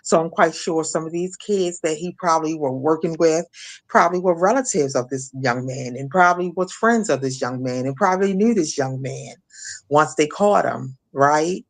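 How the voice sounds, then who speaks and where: A middle-aged woman from Maryland speaking as an interview guest, telling a painful personal story with frequent restarts and fillers. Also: deep voice. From Maryland, USA. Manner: halting, many restarts and fillers. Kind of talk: emotional personal testimony.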